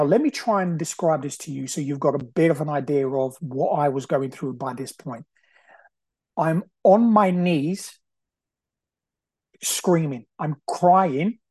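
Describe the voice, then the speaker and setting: Podcast host, thirties, husky voice, earnest storyteller who repeats himself. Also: male voice, fairly high pitch, a little mellow, no room sound. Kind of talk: personal storytelling monologue.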